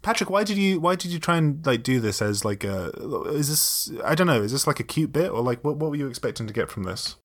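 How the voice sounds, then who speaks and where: A man's voice: fairly high pitch, expressive, fast talker, hardly any pauses. A man hosting a podcast, chatting casually in a mock-dramatic comedic way. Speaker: podcast host.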